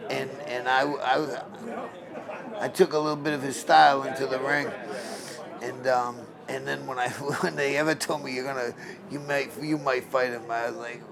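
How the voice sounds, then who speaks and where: A gravelly-voiced man in his sixties tells stories from his boxing days in a blunt, emphatic way, often restarting his sentences. His speech sits at an average pitch. A crowd murmurs around him. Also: steady tone, normal speed. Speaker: former boxer. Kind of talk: interview storytelling. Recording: crowd noise around the mic.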